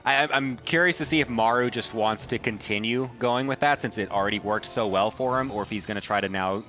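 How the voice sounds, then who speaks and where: A young man co-casting a live esports match, giving steady analytical play-by-play. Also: fairly low pitch, brisk, faint music behind. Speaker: esports co-caster.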